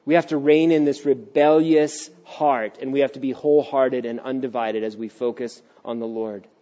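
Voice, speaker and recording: A middle-aged man preaching a sermon as pastor of a church, animated and acting out little voices, sometimes dropping to a hushed tone. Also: mid-range voice, moderate pace. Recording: dull lo-fi sound.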